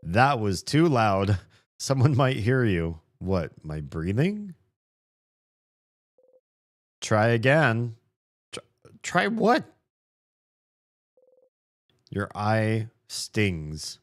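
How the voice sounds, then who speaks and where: A man hosting a let's play, reading the game's text aloud and commenting on it in a playful way, with frequent laughs and soft mumbled asides. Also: lowish voice, very animated, drawn-out words, pauses often.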